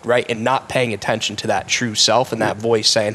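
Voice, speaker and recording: A man's voice: fairly low pitch, level tone, normal speed, pushed and bright. A man hosting a podcast who responds in a reflective, emphatic, casual way. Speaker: podcast host. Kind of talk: casual conversation.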